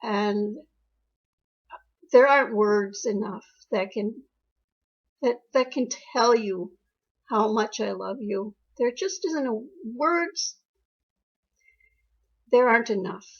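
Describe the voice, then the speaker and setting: Older mom telling stories about her kid, kinda slow, a bit higher voice, muffled audio. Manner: warm storytelling, emotional, repeats phrases. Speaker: interviewee, mother. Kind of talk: reminiscing interview. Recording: dull lo-fi recording.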